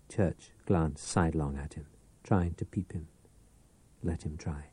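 A man narrating a novel in a measured, dramatic storytelling manner. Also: very deep voice, steady tone, warm tone, breathy edge. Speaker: audiobook narrator. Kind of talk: scripted narration.

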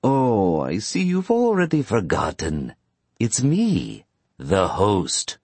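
A man voicing a sinister mysterious male caller with a peculiar voice that swings from low and slow to oddly high. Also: huge pitch swings, a little mellow, slightly rough, dry recording, exaggerated voice. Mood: taunting. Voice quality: peculiar shifting voice, at times helium-high. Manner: slow, taunting, drawn-out.

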